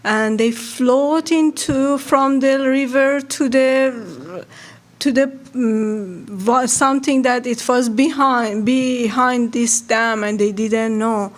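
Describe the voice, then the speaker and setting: A woman telling a folk tale aloud for radio, in a halting way with many restarts. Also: a little high. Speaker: storyteller.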